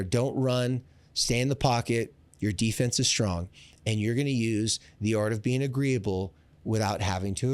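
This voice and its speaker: A man hosting a therapy podcast, talking straight to fathers in an animated coaching manner and acting out little scenes. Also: mid-range voice, dry recording. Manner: coaching, direct address to dads. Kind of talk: podcast advice talk.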